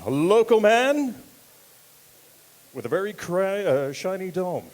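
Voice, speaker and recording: A man acting as emcee, introducing the next comedian in a slow, halting way. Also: high voice, big pitch swings, a little mellow.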